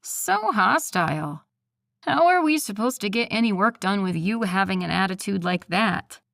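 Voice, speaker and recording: A woman voicing a snide, nagging male coworker with a nasal voice and a condescending, drawn-out way of taunting. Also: mid-range voice, lively intonation, vocal fry, a bit bright, dry recording, clean studio sound.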